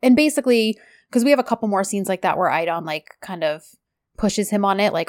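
A woman co-hosting a casual podcast, talking through scenes and slipping into quoted lines with laughs. Her voice sits at a middle pitch, and the recording is dry and close with no room sound. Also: lively intonation, brisk, darkish tone, no echo. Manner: chatty, acts out quotes with laughs. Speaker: podcast co-host. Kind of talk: casual chat recapping a TV series.

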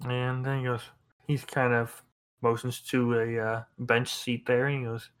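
A man's voice: medium pitch, level tone, a little slow, clear, resonant tone. A man narrating as game master of a tabletop game, in a loose style full of fillers.

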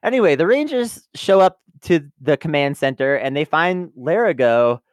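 A man talks in a casual review podcast, his pitch swinging widely and sitting a little high. He sounds exasperated, swears freely and breaks into laughter often. The recording is close and dry. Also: lively intonation, normal speed, smooth, dry recording. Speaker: podcast co-host.

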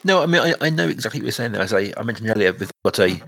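Lower-voiced man in a calm podcast chat. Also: gravelly, no room sound. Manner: measured, thoughtful, agreeing and reflective. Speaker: podcast co-host. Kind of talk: casual chat.

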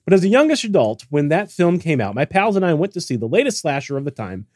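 A man's voice: on the high side, big pitch swings, quick pace, dry recording. A man co-hosting a casual podcast, reading listener emails with dry, teasing humor. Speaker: podcast co-host.

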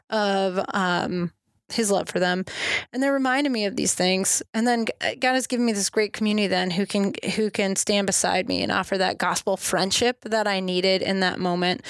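A woman's voice: medium pitch, no echo. Woman guest, frank self-mocking storyteller, dry close sound. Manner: candid, self-deprecating storyteller; often trails off and restarts. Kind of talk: casual conversational testimony.

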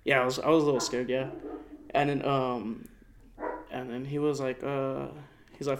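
A man's voice: medium pitch, fairly even intonation, moderate pace, slight background noise. A young man in casual chat, telling a rambling story full of swearing and lots of "like".

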